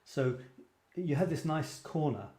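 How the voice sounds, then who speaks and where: A British man with a fairly high, mellow voice and lively intonation speaks unhurriedly while hosting a casual photography livestream. He rambles with self-deprecating asides, and the room is echoey.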